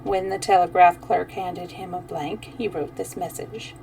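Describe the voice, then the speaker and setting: A woman's voice: lowish voice, fairly even intonation, a little slow, gravelly, darkish tone, recorded from a distance, slight background noise, low-quality recording. A woman reading a story aloud on a live stream, stopping now and then to correct her own slips.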